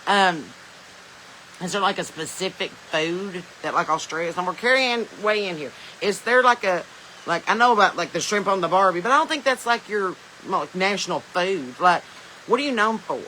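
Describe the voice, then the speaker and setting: A woman's voice: fairly low pitch, animated, normal speed, sharp tone, a little hiss or hum, rough recording. A woman podcast host with a Southern American accent, chatting casually and joking while reading viewer comments, laughing often. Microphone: phone.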